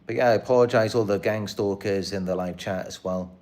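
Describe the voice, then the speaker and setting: A man with a lowish voice speaks straight to his viewers in a loose live-stream monologue. He sounds earnest and aggrieved and circles back over the same points. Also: steady tone, brisk, darkish tone. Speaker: channel host.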